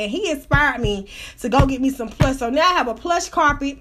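A woman with a high, bright voice telling a casual story on her show. She is profane, loose and animated, full of slang. She laughs easily along the way. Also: fairly quick, few pauses. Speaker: podcast host telling a story.

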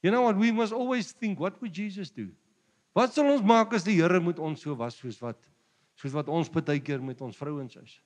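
Male pastor, South African accent, bilingual jokey sermon, higher voice, reverberant hall. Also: normal speed, darkish tone. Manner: switches between Afrikaans and English, jokey, laughs often.

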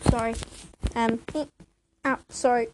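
A hyper young woman rambles from her bed, a bit out of breath and tripping over fillers. Her voice sits fairly high but she drawls slowly between bursts. The home recording carries a clear layer of background noise. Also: level tone. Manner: hyper and scattered, many fillers and restarts. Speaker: vlogger. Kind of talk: rambling casual monologue. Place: bedroom, sitting on a creaky bed.

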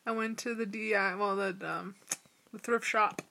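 A woman's voice: mid-range voice, fairly even intonation, moderate pace, creaky, pushed and bright. A young woman in casual chat, talking in a rambling way full of fillers. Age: young adult. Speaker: vlogger.

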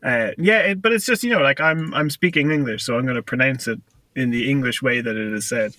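A man's voice: medium pitch, fairly quick, bright, forceful tone, no echo. A young man co-hosting a podcast, ranting with swearing and mimicking how other people pronounce words. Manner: ranting, mocks pronunciations, swears. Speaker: podcast co-host. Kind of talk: casual podcast rant.

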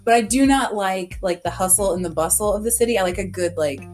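A woman's voice: mid-range voice, quick pace, soft background music. A young woman talking as a podcast guest in a casual chat, telling stories animatedly with lots of "like" and frequent laughter. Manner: animated storyteller, heavy use of "like", laughs often.

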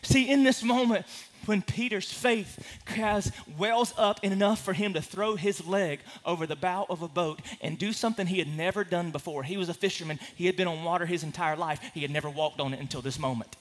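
A man preaching a sermon to a congregation, impassioned, swinging from hushed to loud. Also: high-pitched, fairly quick. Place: large room with a congregation.

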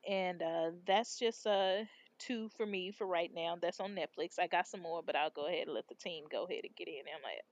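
A woman's voice: lowish voice, fairly quick, muffled recording. A woman co-hosting a casual podcast chat, retelling shows in a slangy, laid-back way with lots of fillers. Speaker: podcast co-host.

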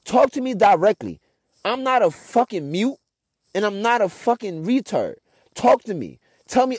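A man's voice: high voice, sing-song, normal speed, a little mellow, husky, no echo, studio quality. A young man, ranting with frustration and heavy cursing in a casual monologue as a podcast host.

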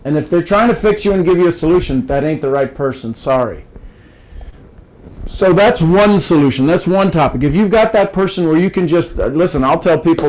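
A man's voice: fairly high pitch, animated, brisk, a little mellow, poor audio. Folksy older man giving advice. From Ohio. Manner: folksy, restarts and repeats words, coaching tone. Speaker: podcast guest. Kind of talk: casual advice-giving conversation.

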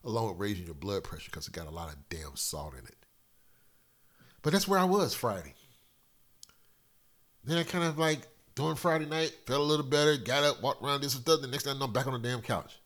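A middle-aged man rambles through his solo podcast, loose and profane, his voice a bit stuffy from a cold. He sits at a middle pitch and jumps between loud bursts and muttered asides. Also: animated, a little fast, pauses often. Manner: loose, profane, rambling storyteller with big swings in loudness. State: slightly congested from a cold. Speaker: podcast host. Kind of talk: casual solo podcast monologue.

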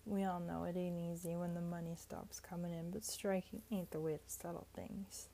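A woman's voice: fairly low pitch, level tone, normal speed, creaky, dark tone, slight background noise. A woman reading aloud, voicing a wheezy, bossy older working-class London mother. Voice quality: wheezing, heavy breathing. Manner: bossy, self-righteous.

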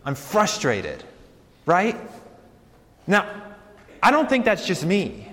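Young man, campus pastor, chatty self-deprecating sermon, slightly high voice, echoing hall. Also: slow, long pauses. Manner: conversational, self-deprecating, animated storytelling. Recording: long hall reverb.

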